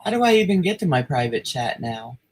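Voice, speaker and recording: A woman's voice: rumbling low, very animated, a little fast, a little mellow, breathy edge, rough recording. A woman hosting a livestream in casual chat, laughing often as she talks. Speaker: streamer host.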